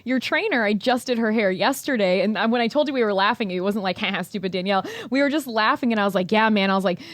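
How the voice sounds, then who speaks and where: Woman cohost, teasing and jokey, higher voice, dry close mic. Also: no echo. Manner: teasing, laughing, quick asides. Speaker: podcast co-host. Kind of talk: casual podcast chat.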